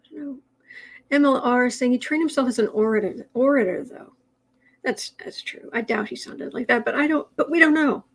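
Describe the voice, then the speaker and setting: Higher-pitched woman, chatty astrology stream host who rambles with restarts. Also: normal speed, poor audio. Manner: chatty, rambling, with frequent restarts and soft laughs. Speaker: tarot and astrology livestream host. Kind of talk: casual livestream chat, reading viewer comments.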